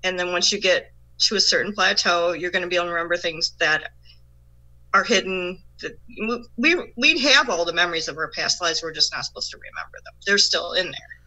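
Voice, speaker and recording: Woman medium guest, bright tense voice, talks casual and loose, lots of restarts. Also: fairly low pitch, brisk, rough recording. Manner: chatty, laughs often, many restarts. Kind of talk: casual chat.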